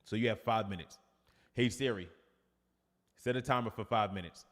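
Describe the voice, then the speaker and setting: A man's voice: fairly low pitch, normal speed, in a large hall. A man with a New York accent, a fitness coach chatting casually on a livestream and reading viewer comments aloud.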